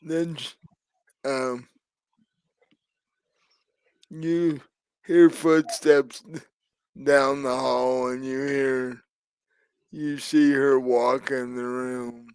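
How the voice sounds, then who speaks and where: A man narrating as game master, slow and hesitant with frequent laughs. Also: mid-range voice, steady tone, a little mellow, clean tone, no echo.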